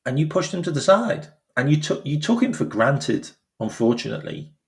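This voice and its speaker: A man's voice: mid-range voice, normal speed, gravelly. Emphatic man ranting about football. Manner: animated, emphatic, repeats phrases, acts out quoted voices. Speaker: football channel host. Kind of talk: casual opinion commentary.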